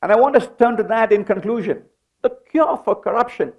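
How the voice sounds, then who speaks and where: A man's voice: sits high, animated, brisk, lo-fi sound. A middle-aged man preaching a sermon in a church, leading the congregation in call-and-response. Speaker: pastor.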